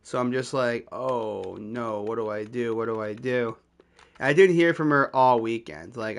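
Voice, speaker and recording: Smooth-voiced young man telling a story. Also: medium pitch, a bit bright. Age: 20s. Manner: rambling, self-deprecating, swears freely. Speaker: vlogger. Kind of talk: casual storytime.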